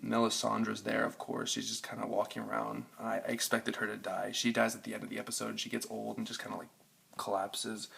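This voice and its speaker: Gravelly young man ranting. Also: lowish voice, a bit bright. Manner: frustrated, profane, lots of fillers. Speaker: TV review vlogger. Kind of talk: casual ranting review.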